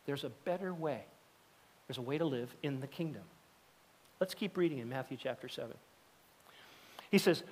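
A man's voice: mid-range voice, normal speed, long pauses, a little mellow, husky. A middle-aged man preaching a sermon as a pastor, talking conversationally and acting out the voices of people in his stories. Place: church sanctuary.

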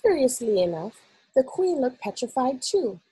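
Breathy woman reading a story aloud. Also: sits high, no echo, poor audio. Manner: expressive, measured storytelling. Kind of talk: reading a children's novel aloud.

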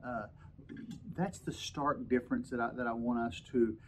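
Halting man teaching Bible class. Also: medium pitch, fairly even intonation, slight background noise, low-quality recording. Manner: halting, many repeated words and fillers. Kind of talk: Sunday school lesson with scripture reading.

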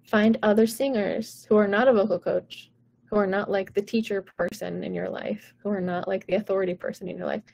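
Husky, gravelly-voiced woman vocal coach. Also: medium pitch, steady tone, fairly quick, a little mellow. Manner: chatty and encouraging, full of "like" and "right?". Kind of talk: casual live-stream talk to viewers.

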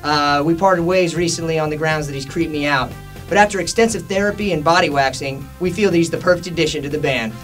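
A man's voice: on the high side, fast talker. Man hamming up band introductions. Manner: announcer-style, then panicky yelling. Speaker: band member hosting a comedy video. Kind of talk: mock-formal introductions turning into shouting. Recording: distant mic with music underneath.

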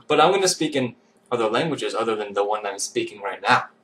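A man's voice: fairly low pitch, expressive, fast talker, fairly bright tone. Goofy young man rambling in a vlog. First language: English. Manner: goofy, self-mocking, rambling. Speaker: vlogger. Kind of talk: casual vlog to camera. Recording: distant mic with faint noise.

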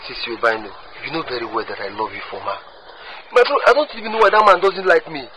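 Lovesick young Nigerian man played by a man, stammering, quick and bright. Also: medium pitch, lightly acted, poor audio. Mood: earnest. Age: young adult. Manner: pleading, stammering.

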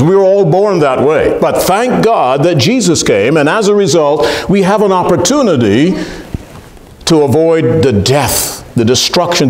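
A male pastor preaches with an animated, questioning delivery, often turning to the congregation for answers. His pitch moves up and down a lot. The sound is roomy, with a faint hum of ambience behind it. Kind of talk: sermon.

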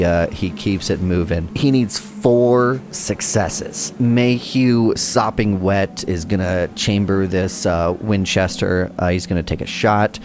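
Low-voiced guy GMing a tabletop game, laid back, takes his time narrating. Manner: relaxed, unhurried narration with frequent pauses and chuckles. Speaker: game master.

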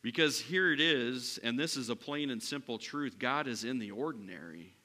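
A man's voice: mid-range voice, moderate pace. Preaching man in an echoing church. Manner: swings from loud preaching to hushed, soft delivery. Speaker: pastor. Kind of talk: sermon. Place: large church hall. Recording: hall reverb from a church sanctuary.

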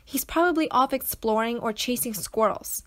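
A woman's voice: a little high, normal speed, lightly acted. A bold young frontier boy, read by a woman. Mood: earnest.

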